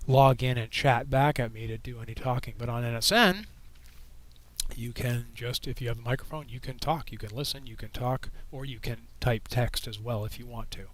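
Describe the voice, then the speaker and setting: A man hosting a casual livestream with a frog in his throat. He talks in a relaxed, rambling way and answers viewers' questions with a microphone right at his mouth. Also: medium pitch, normal speed, low-quality recording. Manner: relaxed, rambling, reading chat questions aloud. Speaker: astronomy livestream host. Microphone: microphone held right in front of his mouth.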